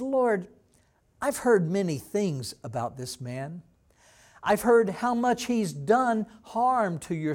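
Slow, deliberate male pastor preaching. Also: fairly high pitch, a little mellow. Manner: slow, deliberate teaching with dramatic voiced quotes. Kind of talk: sermon. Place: church.

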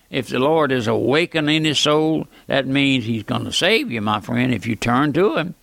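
Older man, radio preacher, fiery old-time sermon, higher voice, dry close sound. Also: a little slow, gravelly, hardly any pauses, a bit bright, no echo. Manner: old-time preaching, repeats "my friend", thunders then drops low.

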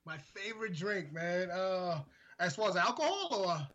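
A man in his forties, a podcast guest telling stories in a laid-back, halting way. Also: high voice, expressive, fairly bright tone, muffled recording. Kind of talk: casual chat, storytelling.

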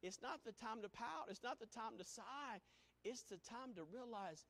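A man preaching a sermon, swinging from booming exclamations to hushed lines and breaking into sung hymn phrases. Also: moderate pace, gravelly.

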